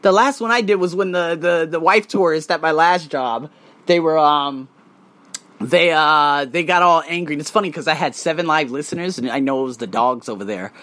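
A man hosting his own podcast, ranting bluntly and profanely with loud emphatic bursts and quieter asides. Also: normal speed, no room sound. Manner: hype, swinging between loud and low asides. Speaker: podcast host. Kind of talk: solo podcast rant.

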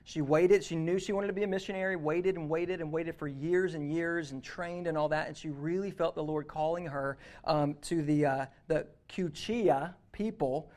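A man preaching a sermon, telling a story that moves from hushed passages to loud, urgent ones. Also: on the high side, moderate pace, few pauses. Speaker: youth pastor.

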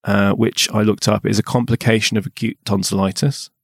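A man's voice: fairly low pitch, level tone, fairly quick, slightly rough, no echo, studio quality. A man hosting a comic podcast, reading a novel aloud with playful banter and frequent laughter. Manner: playful, breaks into laughter and silly chants.

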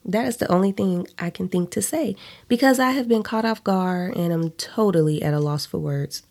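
A woman's voice: medium pitch, normal speed, darkish tone. A woman reading a first-person story aloud in a blunt, profane way, stopping for side comments.

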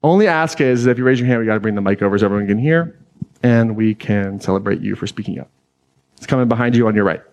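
A man giving a live self-help seminar talk to an audience, energetic and joking, swearing freely. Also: lowish voice, fast, highs cut off. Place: event hall with audience.

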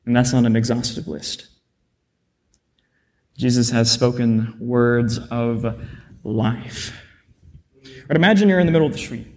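A man's voice: fairly high pitch, big-room sound. A man giving a Bible study sermon as minister, reading scripture aloud with rising emphasis and repeating phrases for stress.

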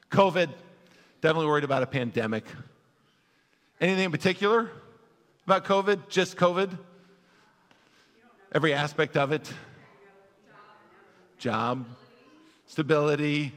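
A man's voice: fairly high pitch, fairly bright tone. A male pastor preaching a conversational sermon, asking his congregation questions and acting out their worries. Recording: long hall reverb.

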